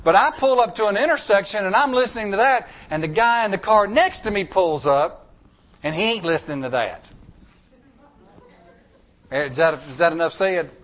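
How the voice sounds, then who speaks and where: A man's voice: high-pitched, normal speed, long pauses, fairly bright tone. A man preaching a sermon in a church, emphatic and repetitive, with folksy jokes.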